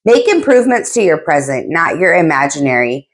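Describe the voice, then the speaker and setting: Woman, young adult, tarot reader, blunt, chatty, casual swearing, somewhat low voice. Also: sing-song, fairly quick. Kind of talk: casual spoken tarot reading.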